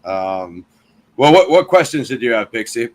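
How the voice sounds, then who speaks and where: A man's voice: mid-range voice, big pitch swings, normal speed, a little mellow. A man hosting a casual film review show, talking loosely with fillers and restarts. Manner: conversational, lots of fillers and restarts.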